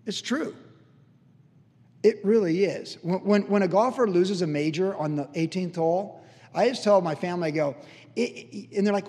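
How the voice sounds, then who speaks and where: A man pastor giving a conversational, animated sermon, telling stories with frequent restarts. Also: high voice, moderate pace. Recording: long reverb of a church hall.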